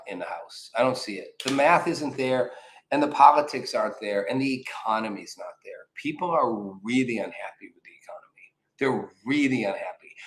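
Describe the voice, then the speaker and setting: A man's voice: mid-range voice, a bit bright, roomy sound, slight background noise, low-quality recording. A man hosting a political talk show, giving casual, opinionated commentary with sarcastic, mocking asides.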